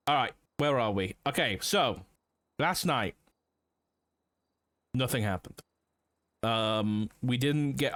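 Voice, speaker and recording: A man streaming a roleplay game in a rambling, casual way, full of fillers and the odd curse. His pitch sits in the middle, and the sound is dry and close. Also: a bit bright, smooth, dry recording. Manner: rambling, swearing, many fillers.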